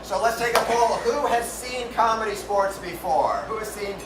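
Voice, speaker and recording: A man hosting and refereeing a live improv comedy show on a theater stage, playful and jokey, now and then shouting to the crowd. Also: sits high, normal speed. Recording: roomy hall, distant mic, loud noise.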